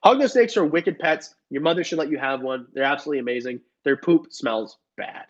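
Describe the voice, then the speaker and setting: A young man with a mid-range voice talks fairly quickly as he runs a laid-back reptile stream, answering chat and joking around. Audio quality is dull and lo-fi.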